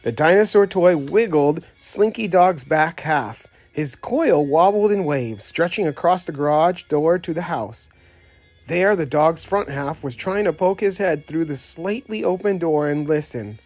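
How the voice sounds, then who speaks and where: Lively male storybook narrator. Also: a little high, measured pace, no echo, faint music behind. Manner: expressive storyteller voicing every character. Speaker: audiobook narrator. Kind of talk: scripted read-aloud narration.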